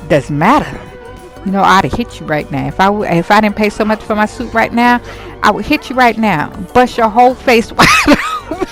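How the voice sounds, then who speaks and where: A woman's voice: medium pitch, lively intonation, moderate pace, fairly bright tone, faint music behind. A woman voicing a hot-tempered young man who blusters and threatens in street slang, for a life-sim game story. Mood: angry.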